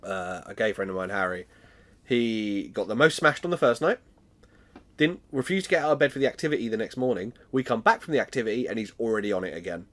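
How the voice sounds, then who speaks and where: A man's voice: on the low side, fast, a bit bright. A British man in his twenties, co-hosting a podcast and chattily recapping a TV episode, laughing often as he tells stories. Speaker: podcast co-host. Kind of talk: casual chat recapping a TV episode.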